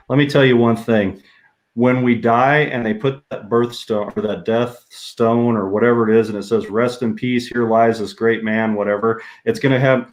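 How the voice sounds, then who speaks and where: A middle-aged man speaks over a video call at a moderate pitch. He talks haltingly, backs up to restart his phrases, and keeps breaking into laughter. He is a minister sharing a heartfelt story. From New Mexico, USA. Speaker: minister, interview guest. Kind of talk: casual heartfelt conversation.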